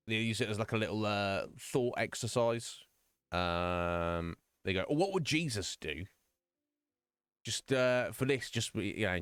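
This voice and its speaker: A man's voice: on the low side, fairly bright tone, smooth, no room sound, studio quality. A man hosting a live stream, chatting casually and jokingly with viewers by name. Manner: rambling, joking, talks to chat by name. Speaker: streamer host.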